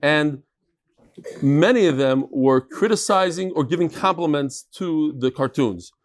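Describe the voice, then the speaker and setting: Lively man teaching a Talmud class. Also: on the high side, a little slow. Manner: animated, joking, explains with a chart and laser pointer. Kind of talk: daily Talmud class lecture.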